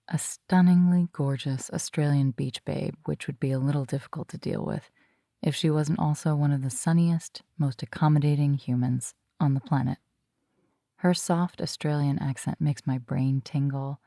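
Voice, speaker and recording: A podcast host lies in bed as she moves from scripted intro narration into casual interview chat, flirtatious and wry. Her low, mellow voice comes through clean studio sound with no echo.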